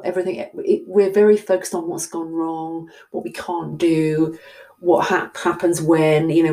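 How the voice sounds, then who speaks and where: A woman's voice: lowish voice, lively intonation, moderate pace, warm tone. Chatty middle-aged southern English woman. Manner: chatty, rambling, self-deprecating. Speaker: coach. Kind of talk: casual talk to camera.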